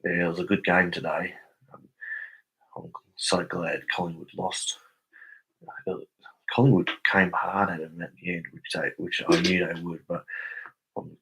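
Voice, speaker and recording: Young aussie guy reading out chat on a live stream, low husky voice. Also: little pitch movement, moderate pace, a bit bright, poor audio. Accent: Australian. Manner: reads viewer comments aloud and answers them.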